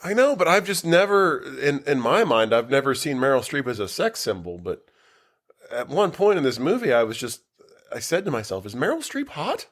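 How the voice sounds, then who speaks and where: A man chatting on a home-made podcast, recorded in a basement. His voice sits at an ordinary middle pitch and bounces with excitement, laughter and the odd curse as he riffs on a movie. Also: normal speed. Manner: animated, swears freely, laughs a lot. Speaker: podcast co-host. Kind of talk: casual podcast chat.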